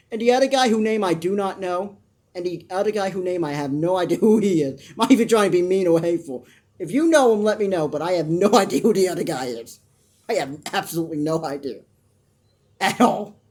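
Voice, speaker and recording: A reviewer recapping a soap opera in an easygoing, rambling way, drifting into tangents and restarting sentences. They give blunt opinions and slip into mock voices for the characters. The voice sits at a middle pitch. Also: darkish tone. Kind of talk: casual recap commentary.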